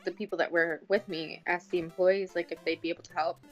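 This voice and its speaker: A woman's voice: lowish voice, steady tone, quick pace, dull audio, soft background music. Casual woman guest on a call. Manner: casual and plain-spoken, lots of "like". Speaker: stream guest. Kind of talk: casual interview answers.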